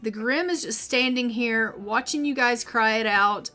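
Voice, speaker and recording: A woman's voice: fairly high pitch, a little slow, pushed and bright. A woman streamer casually commenting on her game as she plays, chatting with her viewers and voicing the characters now and then. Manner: chatty, reads out game text and voices the characters. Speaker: gaming streamer.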